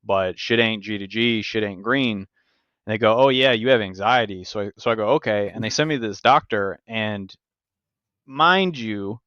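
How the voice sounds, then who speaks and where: A man hosting a podcast, telling stories in casual, profane, animated chat. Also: on the low side, moderate pace, smooth, no echo, dull audio. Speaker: podcast host.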